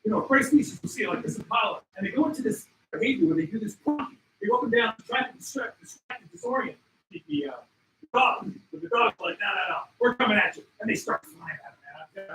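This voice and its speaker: A man telling wildlife photography stories to an expo audience, excitable and loud at the peaks, acting out the animals. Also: extremely high pitch, fast, roomy sound, far from the mic, background noise. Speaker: wildlife photographer giving a talk. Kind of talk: animated storytelling presentation. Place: expo hall. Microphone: handheld mic.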